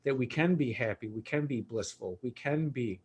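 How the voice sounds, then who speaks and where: A man hosting a spiritual livestream as a Reiki teacher, talking in a gentle, reflective and conversational way. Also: medium pitch, normal speed, a little hiss or hum.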